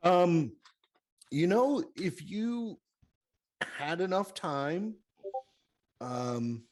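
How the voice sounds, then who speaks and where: A man's voice: high voice, animated, drawn-out words, a little mellow. A man narrating as game master of a tabletop game, rambling with many fillers.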